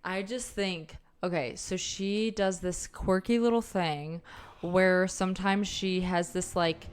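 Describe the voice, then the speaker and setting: A young woman co-hosting a podcast, ranting in casual chat, animated and profane, laughing often. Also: fairly low pitch, slow, clear, resonant tone. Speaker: podcast co-host.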